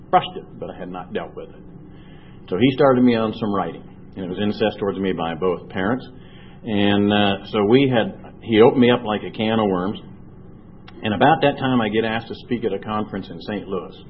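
A low-voiced man sharing his personal recovery story before a crowd in an earnest, storytelling way, slowing to let the hard parts land. The recording is dull and lo-fi, with a faint hiss underneath. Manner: earnest storytelling, slow and heavy at emotional points. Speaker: recovery speaker. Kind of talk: personal testimony talk.

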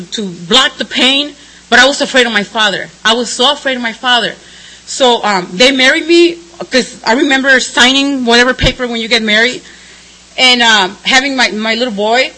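A woman's voice: on the high side, normal speed, sharp tone, poor audio. A middle-aged woman giving a blunt, candid personal testimony at a recovery meeting. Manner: candid and blunt, swinging between somber and laughing. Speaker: speaker sharing her recovery story.

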